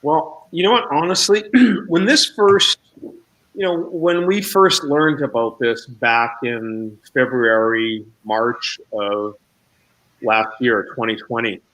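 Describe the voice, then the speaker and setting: A man's voice: mid-range voice, takes it slowly, a bit bright, rough recording. A man who is a real estate agent, chatting in an easygoing, friendly way as a guest on a video call. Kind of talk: casual interview chat.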